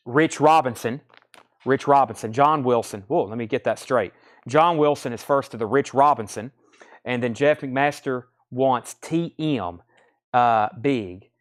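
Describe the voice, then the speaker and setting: A man hosting a live record sale, rattling off titles and prices and calling out buyers' names. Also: on the high side. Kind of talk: live sales patter.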